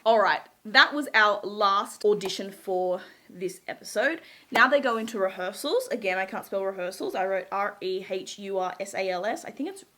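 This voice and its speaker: A woman's voice: medium pitch, lively intonation, normal speed, few pauses, pushed and bright. A young woman chatting casually, bubbly and giggly, gushing as she recaps a show. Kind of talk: casual chat.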